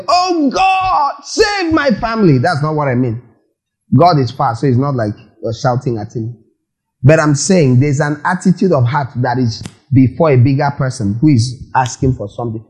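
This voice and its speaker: Man, pastor, sermon, questioning the crowd, warm tone. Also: mid-range voice, low-quality recording. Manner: lively preaching with questions and acted-out quotes.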